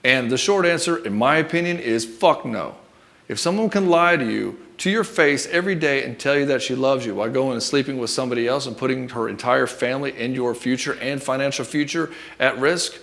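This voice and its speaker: A man's voice: medium pitch, vocal fry, a bit bright. Blunt, profane man coaching husbands. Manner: blunt and profane, talks to the listener as "brother". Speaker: relationship coach. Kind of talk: direct-to-camera advice monologue.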